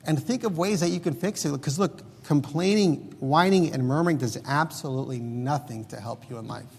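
A man's voice: on the high side, brisk, vocal fry, big-room sound, a little hiss or hum. A man preaching an earnest sermon, his volume swelling and dropping as he exhorts the congregation. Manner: earnest preaching, rising and falling loudness.

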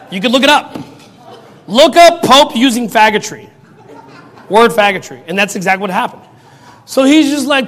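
A man preaching in a mocking, sarcastic rant, now and then bursting into shouts. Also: very high-pitched, animated, normal speed, pauses often. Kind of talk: ranting commentary. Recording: long reverb.

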